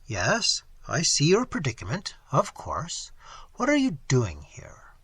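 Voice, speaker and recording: A man's voice: a little high, huge pitch swings, slow pace, pushed and bright, husky, dry recording, exaggerated voice. A man voicing a thick, loathsome toad monster. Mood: gloating. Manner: unctuous, mocking. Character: huge pale squat toad-like cavern monster, gloating.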